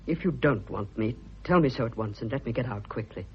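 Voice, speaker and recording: An actor playing a blunt, boyish young man declaring his love, with a husky voice, in a vintage radio drama. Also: mid-range voice, lively intonation, fairly quick, a little hiss or hum, close to an everyday voice. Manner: bluff, fervent, stammering when moved. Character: eager young male suitor, blunt and boyish. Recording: dull lo-fi old radio recording.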